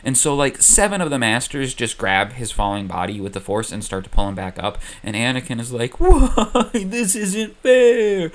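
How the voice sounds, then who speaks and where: A man's voice: fairly low pitch, brisk, few pauses. A young man hosting, narrating a comedic what-if story with sarcasm. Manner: sarcastic, animated. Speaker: host.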